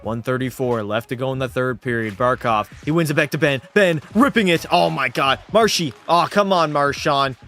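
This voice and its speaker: A man in his twenties streaming a hockey video game live, talking to chat with excitable, crude trash talk, swinging between loud outbursts and low asides. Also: normal speed, few pauses, faint music behind. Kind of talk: live gaming commentary to chat.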